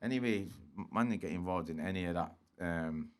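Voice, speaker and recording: A man's voice: sits low, a little fast. A man, a guest telling street stories in a slangy, swearing style and acting out quotes. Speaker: interview guest. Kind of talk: casual storytelling.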